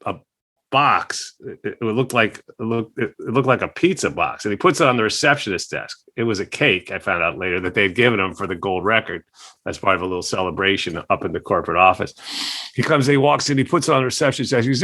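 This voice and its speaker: Bright-voiced man telling a wild story. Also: lowish voice, fast, no room sound. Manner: animated, profane storyteller acting out quotes. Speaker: record executive guest. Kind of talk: casual storytelling interview.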